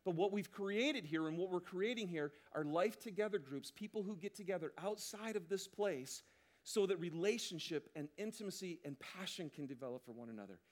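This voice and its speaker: A man preaching a sermon to his congregation, animated and joking, often asking the crowd questions. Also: high voice, a little fast. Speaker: pastor.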